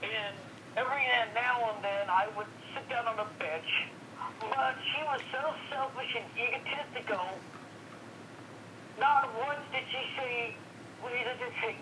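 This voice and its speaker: A tired woman calling in on the phone, speaking haltingly, repeating words and sounding aggrieved. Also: fairly high pitch, background noise. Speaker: phone-in guest. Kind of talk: casual phone chat. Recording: dull phone line.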